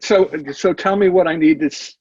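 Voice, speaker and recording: A man's voice: high-pitched, brisk, a little mellow, husky, highs cut off. A man taking part in a webinar, speaking candidly and a little wryly. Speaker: workshop participant. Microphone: video call.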